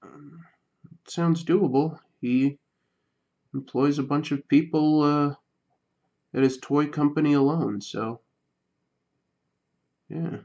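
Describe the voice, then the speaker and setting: A sick man, coughing, hosts a drawing livestream as a comic artist, chatting casually while he draws. His fairly high voice is slow and a little mellow, with frequent pauses, many fillers and restarts, and rambling talk. The sound is lo-fi.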